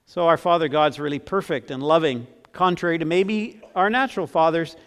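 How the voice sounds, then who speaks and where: A man in his sixties preaching a sermon as pastor, earnest, swinging from emphatic to soft and tender. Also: on the high side, moderate pace. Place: church sanctuary. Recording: long church reverb.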